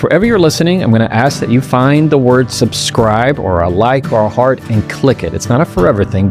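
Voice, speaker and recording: A man hosting his own podcast, giving an emphatic motivational talk straight to the listener with rhetorical questions. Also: mid-range voice. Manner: acts out quoted people in quick asides. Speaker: podcast host.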